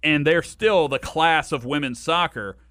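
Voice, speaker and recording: A man's voice: a little high, measured pace, pushed and bright, no room sound, clean studio sound. A man co-hosting a casual sports podcast, talking at length with frequent restarts and firm opinions. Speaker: co-host.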